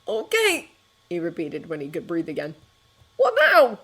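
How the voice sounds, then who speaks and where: A woman's voice: on the low side, huge pitch swings, a little slow, bright, forceful tone, husky, heavily acted. A woman reading a fan story, voicing a young male winter spirit who speaks in an urgent, coaxing and nervous way. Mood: pained.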